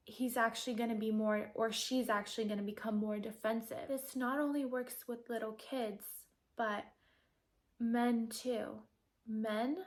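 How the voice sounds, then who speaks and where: A woman talks straight to camera as a coach, earnest and persuasive. She often poses rhetorical questions, and her voice sits a little high. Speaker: feminine energy coach. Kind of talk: direct-to-camera advice talk.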